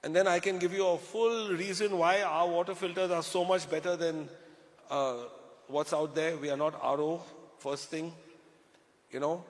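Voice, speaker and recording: A man with an Indian English accent giving a chatty, joking motivational business talk to a live crowd. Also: fairly high pitch. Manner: chatty, jokey, addresses the crowd. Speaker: business speaker. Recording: hall reverb.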